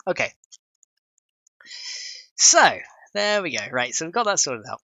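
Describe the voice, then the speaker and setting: A man's voice: on the high side, sing-song, measured pace, gravelly, bright, forceful tone, dry recording. A man streaming live while coding, chatting with viewers and often collapsing into giggles. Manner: giggly, keeps breaking into laughter.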